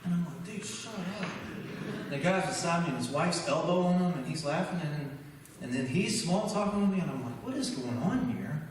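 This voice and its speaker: A man giving a guest sermon in a church, telling a personal story and acting out the dialogue with animated energy. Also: a little high, brisk, a little hiss or hum. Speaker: guest speaker. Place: church sanctuary. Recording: echoey church hall from far off.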